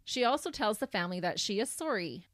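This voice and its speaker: A woman's voice: mid-range voice, lively intonation, quick pace, a bit bright, no room sound, studio quality. A woman hosting a podcast, recounting a true crime case in a sardonic storytelling manner. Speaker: podcast host.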